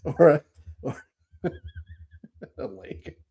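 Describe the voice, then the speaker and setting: A man's voice: very slow, dark tone, lo-fi sound. A man from Alabama with a Southern accent, co-hosting a casual podcast chat in a joking, chatty way and laughing often. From Alabama, USA. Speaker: podcast co-host.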